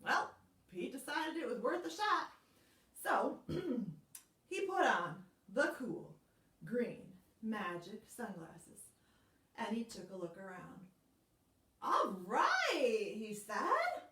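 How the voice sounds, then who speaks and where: Woman reading a kids' story, very lively, unhurried, roomy echo, mic set back. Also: medium pitch. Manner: slow, animated and encouraging. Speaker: children's librarian. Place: library. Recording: roomy sound, mic at a distance.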